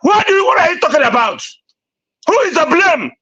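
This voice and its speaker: High-pitched ranting Nigerian man. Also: big pitch swings, quick pace, sharp tone, muffled recording. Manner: ranting, insistent, repeats himself. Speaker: panelist on a live stream. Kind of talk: heated debate.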